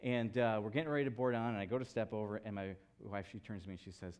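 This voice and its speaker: A man's voice: medium pitch, fast, few pauses. A man in his thirties preaching a sermon as pastor, telling a story and acting out the people in it. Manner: storytelling, animated voices for quoted people.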